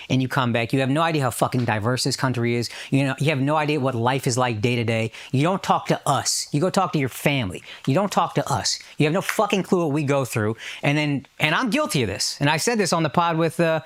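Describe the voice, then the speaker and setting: A man's voice: mid-range voice, expressive, fast talker. A man in casual podcast chat, telling a story with lots of emphatic swearing. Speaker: podcast regular.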